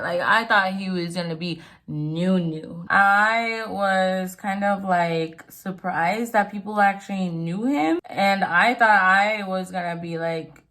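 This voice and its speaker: A young woman tells a story while she gets ready, in a bright, clear voice. She is chatty and loose, filling her talk with "like" and "you know." She slips into livelier voices when she quotes her friends. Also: medium pitch. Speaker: vlogger.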